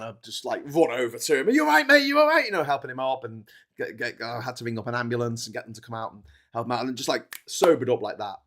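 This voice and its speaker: A man's voice: mid-range voice, a bit bright. A man hosting a livestream, telling a rambling travel story in a chatty way. He often breaks off mid-sentence and laughs at his own story. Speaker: livestream host.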